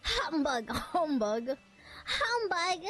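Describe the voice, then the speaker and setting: A woman's voice: sits high, expressive, measured pace, fairly bright tone, soft background music. A woman voicing a pompous, eccentric male fantasy writer who talks in flowery, old-fashioned phrases. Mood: blustering.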